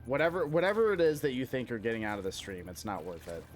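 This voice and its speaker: A man's voice: mid-range voice, sing-song, fast talker, slight background noise. A young man chatting casually while streaming a game, rambling, self-deprecating and swearing often. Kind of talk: casual live-stream chat while gaming.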